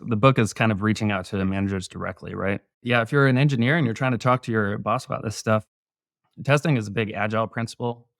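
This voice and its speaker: A man's voice: fairly low pitch, fast, creaky, fairly bright tone, no echo, clean studio sound. A man, a guest author, explaining his views in a casual panel discussion. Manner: explanatory, conversational.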